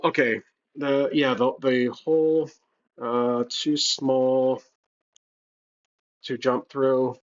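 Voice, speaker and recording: A man narrating his solo tabletop adventure, thinking aloud with hesitations and restarts. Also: mid-range voice. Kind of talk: casual solo role-play narration. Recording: slightly dull lo-fi sound.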